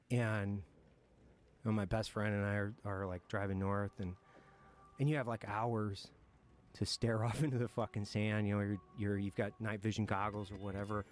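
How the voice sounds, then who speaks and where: A military veteran telling war stories in an interview, frank and profane, reflective at times and breaking into nervous laughter. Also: male voice, on the low side, a little hiss or hum. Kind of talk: candid war storytelling in a podcast interview.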